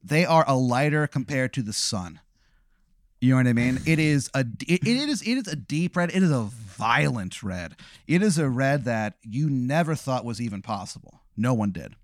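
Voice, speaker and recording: A man narrates a rambling, profane hypothetical in the second person, piling on vivid detail. His voice swoops with lively pitch. The recording is dry and close. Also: normal speed, dry recording. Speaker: host telling a hypothetical. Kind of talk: improvised second-person storytelling.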